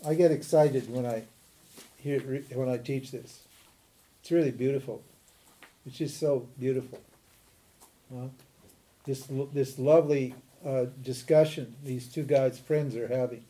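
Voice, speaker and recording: A man teaching a class as a spiritual teacher in an informal lecture, animated and chatty, laughing often and restarting his sentences. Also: mid-range voice, unhurried, pauses often.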